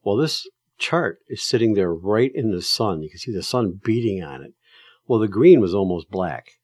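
Male vlogger, lowish voice, expressive swings in pitch, blunt storytelling advice. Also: moderate pace, breathy edge, no room sound, studio quality. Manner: animated, emphatic, plain-spoken, with frequent fillers. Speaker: vlogger giving advice to commercial drivers.

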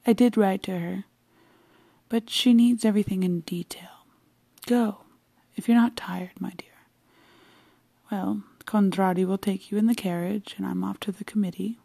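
A woman's voice: mid-range voice, fairly even intonation, normal speed, creaky, pauses often, mellow, husky, no room sound. A woman reading the lines of a cold, formal husband who speaks in a dry, bantering, precise way. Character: cold, formal middle-aged husband, a government official.

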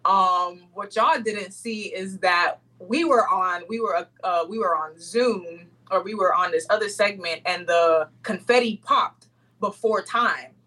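A young adult woman speaking as an interview guest, expressive and heartfelt, laughing often in casual chat. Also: mid-range voice, measured pace, rough recording.

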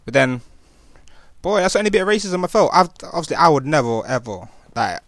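A man's voice: fairly high pitch, very animated, brisk, creaky, a bit bright, no echo, studio quality. A young man with a Nottingham accent speaking casually in street slang, with many fillers and restarts. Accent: Nottingham, East Midlands English. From England. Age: young adult. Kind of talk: casual personal testimony.

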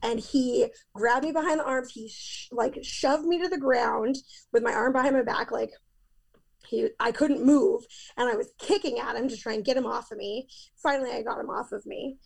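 Gravelly woman guest on a podcast, fry all over, kinda high voice, blunt and candid storytelling. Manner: candid and emphatic, rushes through a painful story. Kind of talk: casual personal storytelling.

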